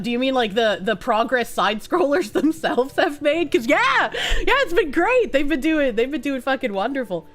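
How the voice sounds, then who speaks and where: Slightly high-voiced woman streamer chatting. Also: lively intonation, moderate pace, a bit bright, faint music behind. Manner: loose, profane banter with frequent laughs. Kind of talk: casual chat reading donations.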